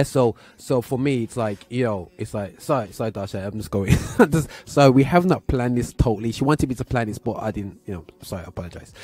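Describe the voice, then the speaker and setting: Slangy Birmingham man, husky voice. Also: mid-range voice, a little mellow. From Birmingham, England. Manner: rambling, slangy, repeats filler phrases. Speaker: show host. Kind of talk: casual chat on a gospel show.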